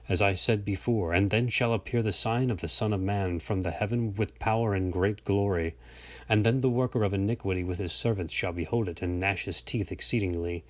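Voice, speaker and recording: A man reading an old religious text aloud in a slow, measured, solemn way, now and then stumbling over a word. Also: on the low side, no echo. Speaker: reader.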